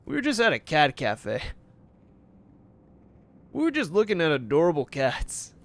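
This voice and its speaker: A man's voice: a little high, huge pitch swings, measured pace, vocal fry. A man doing casual, joking let's play commentary and reading game text. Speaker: gamer.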